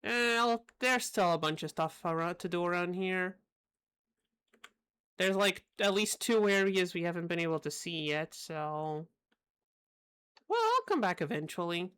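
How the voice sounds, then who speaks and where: A woman's voice: lowish voice, expressive, measured pace, long pauses, a bit bright, smooth. A woman streamer joking and rambling as she plays a game live, full of fillers and restarts. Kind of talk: live gameplay commentary.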